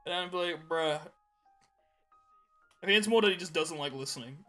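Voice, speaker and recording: A young man with a bright, tense voice that sits a little high, chatting casually on a podcast. He rambles through stories and laughs often. Faint music plays underneath. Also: normal speed. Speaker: podcast co-host. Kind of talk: casual chat.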